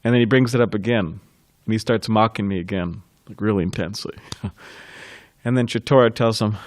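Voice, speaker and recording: A man giving a devotional class, recounting a memory with frequent chuckles and halting restarts. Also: lowish voice, no room sound, clean studio sound. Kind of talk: reminiscing in a scripture class.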